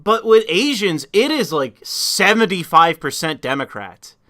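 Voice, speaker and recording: A man hosts a casual stream chat, rambling along with plenty of fillers and restarts. His voice sits high and has a bright, sharp edge. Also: sing-song, a little slow. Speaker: stream host.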